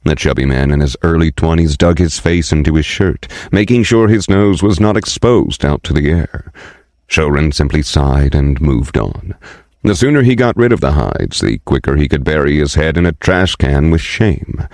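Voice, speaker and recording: Male audiobook narrator, very low voice, dry close mic, steady storytelling. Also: moderate pace, no room sound.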